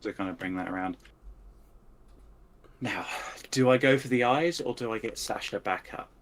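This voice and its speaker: Casting note: male player, very deep voice, slow and considered, faint hiss. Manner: thoughtful, hesitant, thinks aloud. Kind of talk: tabletop game play.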